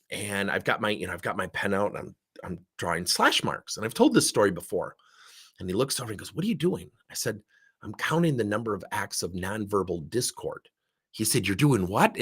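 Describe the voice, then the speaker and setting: A middle-aged man giving a fast, animated talk about leadership and coaching, acting out the dialogue in his stories. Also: on the low side, breathy edge. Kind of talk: lively talk.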